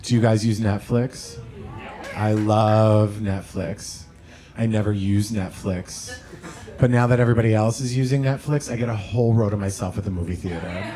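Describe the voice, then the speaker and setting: Deadpan stand-up comedian, man. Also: on the low side, crowd noise. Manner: deadpan one-liners with quick self-corrections. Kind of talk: stand-up set. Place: comedy club stage with audience laughter.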